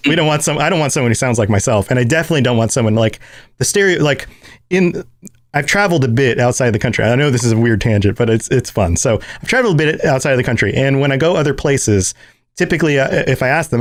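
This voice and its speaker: An American man hosting a podcast, talking casually and animatedly with quick tangents. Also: medium pitch, lively intonation. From United States. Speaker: podcast host.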